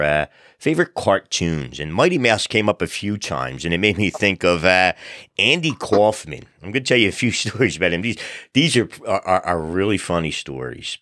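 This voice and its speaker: Animated low-voiced man telling stories. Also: dry recording, clean studio sound. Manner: animated storyteller, acts out crowd voices. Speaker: podcast host. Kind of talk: casual storytelling chat.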